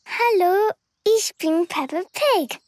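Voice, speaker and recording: A woman's voice: very high voice, sing-song, slow pace, very noisy, heavily acted. Peppa Pig, a chirpy cartoon piglet girl. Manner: eager, bouncy, curious. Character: cheerful bossy little girl piglet. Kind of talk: cartoon voice acting.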